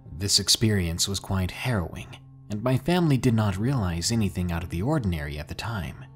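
A man narrating scary stories in a dramatic, drawn-out way, pausing for suspense. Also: deep voice, lively intonation. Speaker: horror story narrator. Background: faint music.

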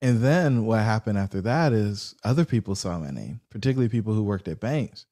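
A man being interviewed as a guest, telling a long story with lively pitch swings and acted-out quotes. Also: brisk. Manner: animated storyteller acting out quoted voices. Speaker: guest, real estate investor.

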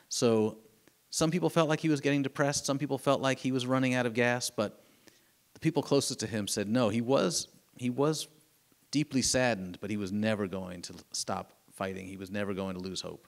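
Earnest low-voiced man telling stories. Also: a little fast. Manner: earnest, animated storytelling with fillers and restarts. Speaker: author. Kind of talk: live author talk, answering a moderator. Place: museum event room with audience.

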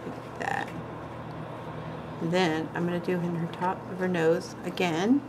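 A woman narrates a nail art tutorial in a relaxed, unhurried way. She chats and giggles as she works, and she sometimes trails off mid-sentence while concentrating. A faint background hum sits under her voice. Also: fairly low pitch. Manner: chatty and giggly, with frequent laughs.

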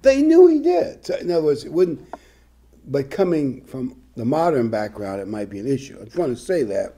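A man's voice: medium pitch, sing-song, normal speed, mellow. An older man preaching a sermon, reading scripture and adding conversational, humorous asides. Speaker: pastor.

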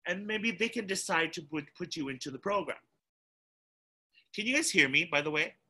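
Bright-voiced guy from hawaii, lively storyteller talking to kids on a video call, fairly high voice. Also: normal speed. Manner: animated storyteller, acts out his younger self. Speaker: guest speaker. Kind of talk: motivational talk to children.

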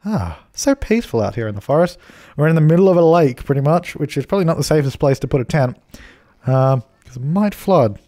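A man's voice: a little high, expressive, brisk, dark tone. A man giving casual, chatty commentary over a life-simulation game, laughing often and telling his characters what to do. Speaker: let's play host.

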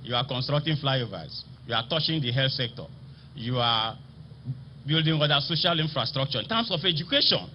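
A man with a Nigerian accent, a state assembly speaker, delivering a formal ceremonial speech in a slow, emphatic, oratorical manner. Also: fairly high pitch, slight background noise. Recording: slightly dull broadcast audio with faint ambience.

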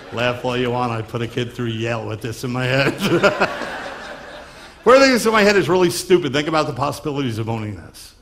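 A man from Long Island, New York, does a stand-up comedy magic act, firing wisecracking patter on stage before a live audience. His mid-range voice is expressive and a bit bright at a moderate pace, with a little hiss or hum.

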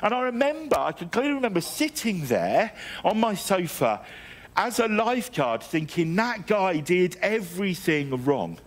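A man's voice: sits high, big pitch swings, normal speed. A middle-aged man from England preaching a sermon, telling stories with self-deprecating humour and frequent restarts. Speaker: guest preacher.

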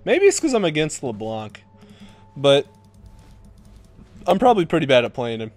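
Excitable young man commentating gameplay. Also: fairly high pitch, moderate pace, no room sound, soft background music. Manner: excitable, swears and shouts at teammates.

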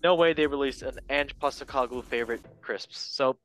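A man's voice: medium pitch, brisk, a bit bright. A young man hosting a casual football chat show, reading memes aloud in a chatty, playful way and laughing at his own jokes. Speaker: podcast host.

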